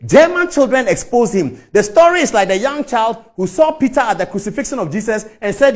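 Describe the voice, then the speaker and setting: A middle-aged man with a Ghanaian English accent gives fiery, scornful commentary. His voice sits very high and swoops up and down animatedly, and he repeats words to drive each point home. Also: very animated, brisk, few pauses. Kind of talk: impassioned commentary.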